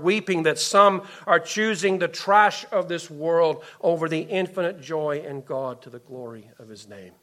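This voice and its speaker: A man preaching a sermon as a pastor, impassioned, swinging from loud emphasis to soft, hushed lines. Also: medium pitch.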